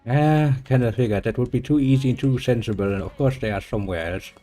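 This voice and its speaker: A man's voice: mid-range voice, fast, warm tone, faint music behind. A German man chatting casually while gaming, dry and sarcastic. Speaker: gaming co-host.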